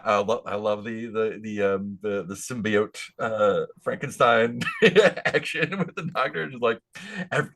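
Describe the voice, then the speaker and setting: Deep-voiced chuckling man. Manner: chuckling, rambling, relaxed. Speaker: tabletop game player. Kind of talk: casual post-game chat.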